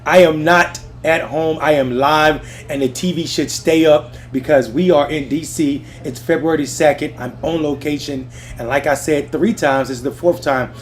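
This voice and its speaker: A man's voice: a little high, steady tone, normal speed, hardly any pauses, slight background noise. Fired-up man ranting live. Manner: profane, fired-up, talks to the chat. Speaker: political livestream host. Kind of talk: heated live political rant. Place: lounge in Washington with TVs on. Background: music and TVs in the background.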